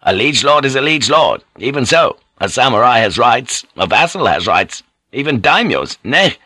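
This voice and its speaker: A man reading an audiobook and voicing a grizzled, tough old general who speaks gruffly and bluntly. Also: medium pitch, very animated, normal speed, pushed and bright, dry recording, voice pushed up. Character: grizzled tough older male army general.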